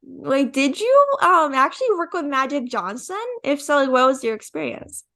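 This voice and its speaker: A young woman hosts a podcast interview in a loose, chatty way and keeps padding her sentences with filler. Her voice sits slightly high for a woman. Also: lively intonation, moderate pace, sharp tone. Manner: chatty, leans heavily on "like". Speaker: podcast host. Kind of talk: casual interview chat.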